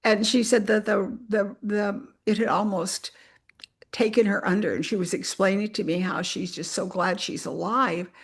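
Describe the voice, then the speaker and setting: A woman's voice: medium pitch, moderate pace, breathy edge. Earnest woman telling a testimony story. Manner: earnest, addresses listeners directly as "you guys"; animated retelling with spirited voiced quotes. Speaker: church missionary speaker.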